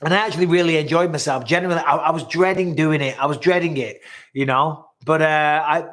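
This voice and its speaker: A man's voice: fairly high pitch, a little fast, fairly bright tone. A man with a northwest English accent hosting a casual live chat, reading out viewers' comments in a joking, blunt way and swearing freely. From northwest England.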